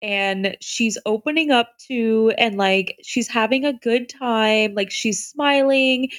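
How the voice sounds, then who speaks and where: A woman co-hosting a casual book discussion podcast, animated and acting out characters' lines. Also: fairly high pitch, takes it slowly. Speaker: podcast co-host.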